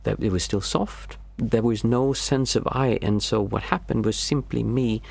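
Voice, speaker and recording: A man's voice: medium pitch, unhurried, vocal fry, darkish tone. A man who is a meditation teacher and a father of small children, giving a reflective, casual talk and searching aloud for the right words. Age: young adult to middle-aged, father of small children. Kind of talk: casual spoken teaching on a livestream.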